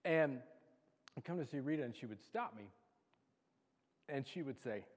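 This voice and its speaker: A man's voice: mid-range voice, expressive, normal speed. A man preaching a casual sermon, chatty and self-deprecating, cracking jokes as he talks. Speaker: pastor. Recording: long reverb of a large hall.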